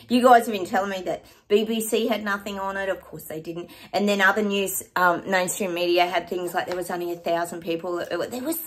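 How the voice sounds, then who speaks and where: A woman, hosting her own psychic channel and chatting casually and effusively to her viewers. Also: medium pitch.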